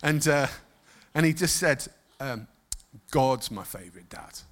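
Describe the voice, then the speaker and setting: A man preaching a sermon, telling stories with emotion and dropping suddenly soft. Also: mid-range voice, unhurried. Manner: emotional, animated storytelling with sudden soft drops.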